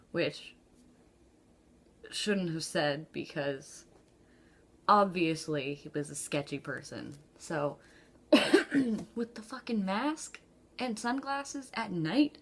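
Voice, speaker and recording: A woman vlogger telling a personal story in a casual, chatty way, with frequent laughs and ums, jumping up in pitch when she acts out quoted lines. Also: slow, pauses often.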